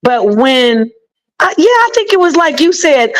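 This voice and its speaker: A woman in casual chat, telling an animated story and swearing freely while quoting people. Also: high-pitched, moderate pace, poor audio.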